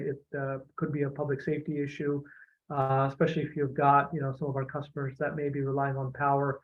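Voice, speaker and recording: A man giving a presentation at a flat, level pitch, his voice strained as he loses it. His delivery is measured and full of fillers and restarts. The sound is narrow and phone-like. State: losing his voice, clearing his throat. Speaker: utility executive giving a talk. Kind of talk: presentation talk.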